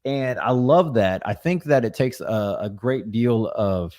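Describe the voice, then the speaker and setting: A man co-hosting a podcast, talking in a relaxed, thoughtful way with a lot of "you know.". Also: mid-range voice, measured pace. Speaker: podcast co-host. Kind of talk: casual podcast chat.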